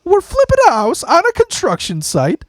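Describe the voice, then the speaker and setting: A man voicing his huge former boss, whose throat closes up with rage so that he cusses in a shrill, incredulous squeal. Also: wildly swooping pitch, moderate pace, no echo, heavily acted. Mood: shrill fury.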